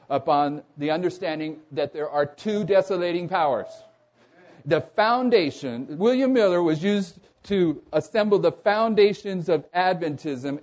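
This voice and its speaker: A man with a slightly high, slightly mellow voice preaches to a congregation, putting rhetorical questions to them. He frequently stumbles, breaking off mid-phrase to start it again.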